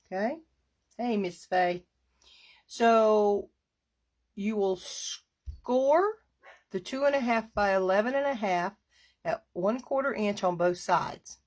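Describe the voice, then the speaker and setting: A woman demonstrating a paper craft on a live stream, chatty and unhurried, stopping now and then to clear her throat. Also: mid-range voice, lively intonation, a little mellow.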